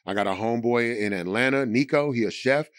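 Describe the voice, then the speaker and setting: A man's voice: fairly quick, dry recording, studio quality. A man in his thirties, a voice actor and podcast guest, chatting and telling stories with big swings into quoted voices. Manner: animated storyteller, slips into quoted voices and big pitch swings. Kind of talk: casual chat.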